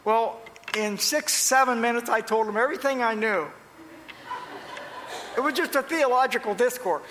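A male pastor from Pennsylvania preaching a sermon, telling folksy stories, booming on emphasis and dropping to quiet asides. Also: normal speed, long reverb tail, slight background noise, poor audio.

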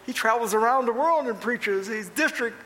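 A male pastor from Pennsylvania preaching a sermon, telling folksy stories, booming on emphasis and dropping to quiet asides. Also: normal speed, long reverb tail, a little hiss or hum, low-quality recording.

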